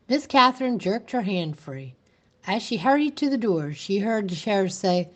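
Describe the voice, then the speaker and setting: A woman reads a novel aloud. Her narrating voice sits at a middle pitch and stays steady and even. She keeps it calm and clear. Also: normal speed. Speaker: reader. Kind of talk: storybook read-aloud.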